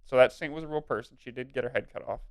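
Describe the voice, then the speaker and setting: A man's voice: medium pitch, very fast, smooth, no echo, studio quality. A young man co-hosting a movie review podcast in casual chat, telling scenes with little acted-out quotes. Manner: animated storyteller, acts out scenes in quoted voices. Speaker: podcast co-host.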